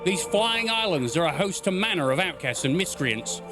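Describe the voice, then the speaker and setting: A man voicing a hoarse, raspy female inquisitor sealed in an iron coffin, making cold, solemn pronouncements over loud game music. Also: high voice, very animated, moderate pace. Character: stern female High Confessor sealed in a bleeding iron coffin. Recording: game music playing loudly behind.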